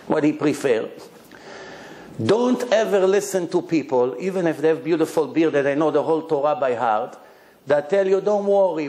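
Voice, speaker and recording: Emphatic rabbi giving an animated Torah lecture. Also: male voice, on the high side, roomy sound. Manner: animated, emphatic, with quoted dialogue.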